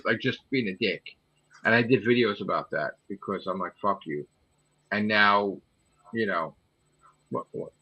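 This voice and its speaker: A man's voice: lowish voice, bright, forceful tone, breathy edge. A man chatting casually late at night, rambling and swearing freely. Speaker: channel host. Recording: muffled phone audio.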